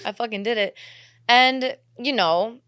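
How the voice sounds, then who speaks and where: A woman's voice: fairly high pitch, slow pace, a bit bright, clear, resonant tone, no echo, studio quality. A young woman co-hosting a podcast, telling a personal story in candid casual chat, swearing freely and acting out her own quotes. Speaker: podcast co-host.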